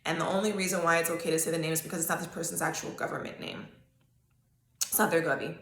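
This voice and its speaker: A woman's voice: deep voice, fairly even intonation, fast, creaky, fairly bright tone, roomy sound. A woman hosting a solo podcast, chatting casually and talking straight to her listeners with frequent okays. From Canada. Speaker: podcast host. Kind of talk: solo psychic-reading podcast talk.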